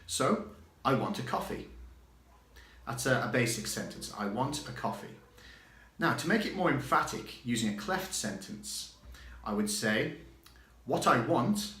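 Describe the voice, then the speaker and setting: A man teaching an English exam grammar lesson from his home study, chatty and repeating example phrases slowly for learners. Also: medium pitch, fairly bright tone. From Catalonia, living there. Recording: echoey room.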